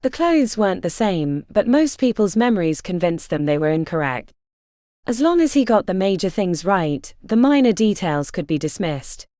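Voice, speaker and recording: A woman narrating an unabridged fantasy audiobook in an expressive, measured storytelling manner. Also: on the low side, no echo, studio quality.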